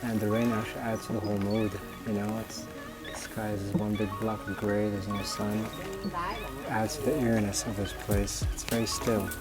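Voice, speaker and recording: A man's voice: lowish voice, normal speed, over loud music, low-quality recording. A man filming a casual travel vlog outdoors along a river, talking loosely to the camera with lots of fillers and restarts. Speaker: travel vlogger.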